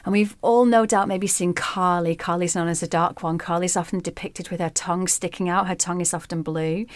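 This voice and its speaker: Female guest storyteller, lower voice, expressive and vivid; dry recording. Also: fairly quick, no room sound. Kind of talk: storytelling in an interview.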